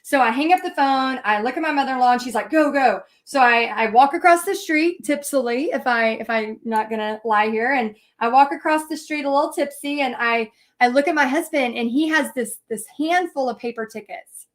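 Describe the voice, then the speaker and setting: High-voiced chatty woman teaching painting. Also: fairly quick. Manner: chatty, frequent fillers and restarts. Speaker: paint party instructor. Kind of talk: live painting lesson with personal storytelling.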